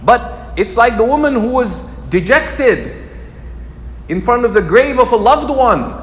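A man delivers a religious teaching in a fairly high voice that rises and falls a great deal. He repeats key phrases for emphasis. The sound carries a long hall reverb over a faint background hum. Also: animated, unhurried. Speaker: Islamic scholar teaching. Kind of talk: lecture sermon.

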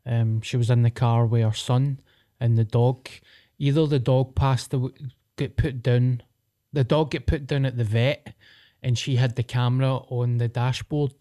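Mellow man telling a story. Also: medium pitch. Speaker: podcast co-host. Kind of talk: casual podcast chat.

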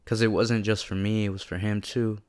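This young adult male speaks at a fairly low pitch with a level, brisk delivery and a somewhat dark tone. His reflective monologue about his own life is slangy and casual, packed with "like," and sincerely emotional.

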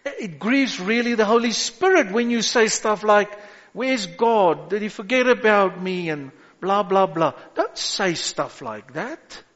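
Male pastor, sermon delivery, slow and deliberate, lo-fi hall recording. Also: high voice, lively intonation, a bit bright. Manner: preaching with rising exhortations and call-outs. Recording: echoey hall, dull lo-fi sound.

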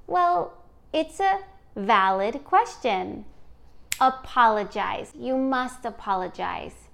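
A woman hosts a podcast, talking to her listener in an earnest, encouraging way. Her voice sits a little high, and she takes her time, letting each phrase land slowly. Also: expressive, vocal fry. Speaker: podcast host. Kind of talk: scripted podcast monologue.

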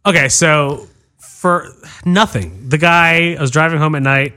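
A man's voice: on the high side, a little slow. A man chatting casually on a podcast, telling stories animatedly with crude language and acted-out quotes. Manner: animated, profane storyteller acting out quotes.

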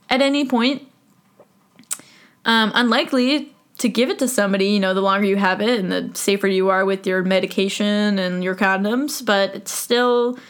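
A woman in her twenties hosting a solo podcast, talking frankly and casually, joking and laughing often. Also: mid-range voice. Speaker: podcast host.

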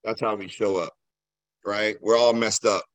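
A man's voice: fairly low pitch, fairly even intonation, unhurried, dry recording. A man in a group discussion, talking in a casual, folksy, upbeat way. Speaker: sales agent in a group discussion.

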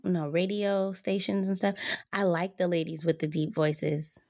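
A woman's voice: fairly low pitch, little pitch movement, unhurried, a little mellow. A young woman co-hosting a casual chat, teasing and playful, backing up her friend with easy banter. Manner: teasing, playful, supportive listener.

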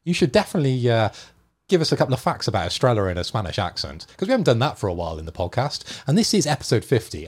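A man's voice: mid-range voice, slightly rough. A man co-hosting a gaming podcast, bantering playfully in a mock-formal way. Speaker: podcast co-host. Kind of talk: casual chat.

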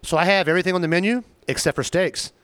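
A man's voice: high-pitched, racing, a bit bright, smooth, dry recording. A man in casual chat, a restaurant server, telling a wry, teasing story about a table of customers.

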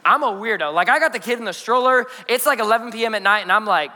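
A man in his thirties preaches with a high, bright, forceful voice, lively and playful, slipping jokes and asides into his stories. His words ring out with a long reverb that hangs in the church hall around him. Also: fast talker, few pauses, slight background noise. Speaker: pastor. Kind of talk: energetic conversational sermon. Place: church auditorium.

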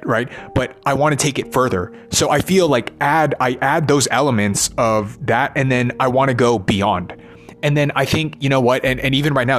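A man's voice: mid-range voice, a bit bright. A man talking in a rambling monologue, full of restarts and repeated "right?" checks, about his work as a performer. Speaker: musician and performer.

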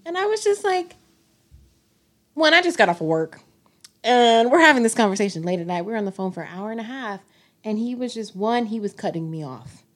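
A woman guest on a podcast, telling a personal story in an animated, indignant way. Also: on the high side, fairly quick. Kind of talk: casual chat.

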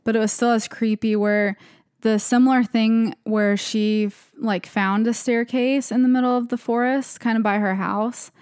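A woman's voice: on the high side, steady tone, normal speed, darkish tone, clear, resonant tone, no echo, studio quality. A young woman co-hosting a podcast, casually retelling creepy stories with lots of "like" fillers. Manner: rambling with frequent "like" fillers. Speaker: podcast co-host. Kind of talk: casual storytelling chat.

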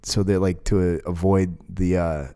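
A man's voice: low-pitched, measured pace, smooth. Casual, swearing man riffing on a podcast. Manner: rambling, profane, animated storytelling. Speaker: podcast co-host, jiu-jitsu school owner.

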